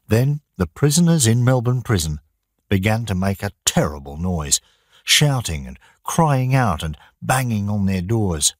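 Deep, husky man reading slowly. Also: very animated, no room sound, clean studio sound. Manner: slow, plain, deliberate reading for learners. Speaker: narrator. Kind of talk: graded-reader audiobook narration.

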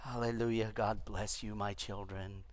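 A man mimicking a falsely pious holy man in a soft, breathy, sanctimonious voice. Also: on the low side, level tone, moderate pace, voice pushed down, close to an everyday voice.

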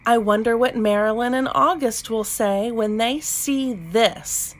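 A woman voicing a curious, excitable young female frog in a storybook read-aloud, exclaiming eagerly. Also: fairly high pitch, unhurried, close to an everyday voice. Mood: excited.

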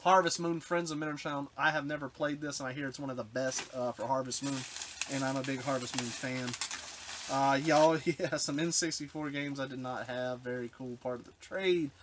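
A man's voice: medium pitch, steady tone, moderate pace, fairly bright tone. A man unboxing retro games for his vlog, overwhelmed and choked up, often trailing off mid-sentence. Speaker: retro game collector vlogger. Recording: background hiss with clicks.

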